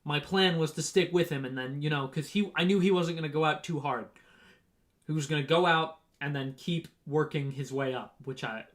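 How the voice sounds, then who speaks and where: A young man telling a story in a casual, rambling way, checking in with "right?" and filling pauses with "um". His voice sits a little high for a man. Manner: rambling, animated, frequent "right?" and "um". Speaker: runner on a race team.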